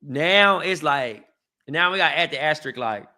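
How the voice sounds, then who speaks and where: A man's voice: on the high side, expressive, moderate pace, bright, forceful tone. A man co-hosting a podcast in casual sports chat, slangy and exasperated, saying bruh often. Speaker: podcast co-host.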